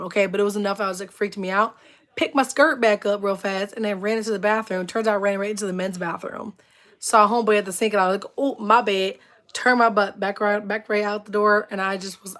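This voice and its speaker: A woman hosting a casual livestream, telling rambling stories full of "like", laughing, and greeting viewers in chat. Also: mid-range voice. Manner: expressive, laughs often. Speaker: livestream host.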